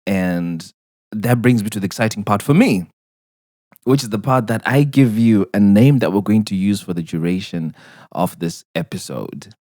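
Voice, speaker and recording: A man's voice: on the low side, normal speed, a little mellow, no echo, studio quality. A man hosting a podcast, chatting casually with a guest, playful and teasing, laughing often. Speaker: podcast host. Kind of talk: casual interview chat.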